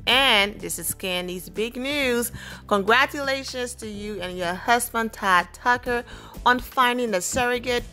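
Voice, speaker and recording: A woman's voice: on the high side, unhurried, pushed and bright, faint music behind. A woman hosting a celebrity gossip channel, talking casually with fillers and reading out a message she wrote. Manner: reads her own message aloud, chatty with fillers. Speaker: entertainment news vlogger. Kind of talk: casual commentary.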